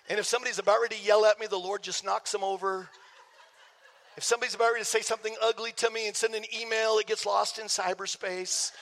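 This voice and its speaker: High-voiced animated pastor preaching. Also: male voice. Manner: animated storytelling with jokes to the congregation. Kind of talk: sermon. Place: church sanctuary. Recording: long hall reverb.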